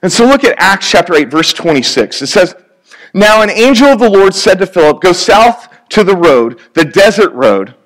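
A man's voice: high voice, very animated, moderate pace, fairly bright tone. A man preaching a sermon in a conversational, joking way, acting out little scenes.

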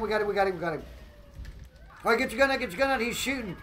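A man giving excitable live gameplay commentary as a streamer, often exclaiming and greeting his chat. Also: sits high, rapid-fire, slight background noise, low-quality recording.

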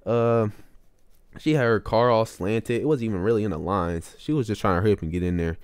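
A man's voice: brisk, smooth, dry recording. A young man rambling through a casual storytime monologue in slangy speech, full of fillers. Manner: animated, with sudden jumps up in pitch. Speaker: vlogger telling a story.

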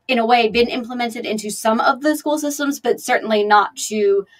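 A woman's voice: a little high, brisk, recorded from a distance. A woman speaking as a panelist over a video call, explaining her point thoughtfully.

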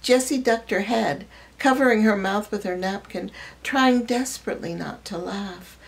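A woman reads a short story aloud in a measured, expressive way. Her voice sits at an ordinary middle pitch for a woman. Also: vocal fry, low-quality recording. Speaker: reader.

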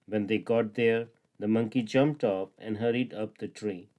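A man's voice: fairly low pitch, fairly even intonation, a little slow, mellow. Man narrating a children's fable. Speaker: storyteller. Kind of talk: storybook narration.

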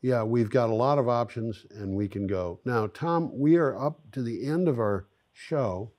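Mellow-voiced male show host. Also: medium pitch, measured pace. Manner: chatty, explaining step by step. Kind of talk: casual explanatory chat.

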